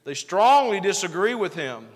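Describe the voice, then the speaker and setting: A man's voice: sits high, very animated, normal speed, in a large hall. A man preaching a sermon as pastor, building to emphatic bursts and acting out the back-and-forth quotes of the passage.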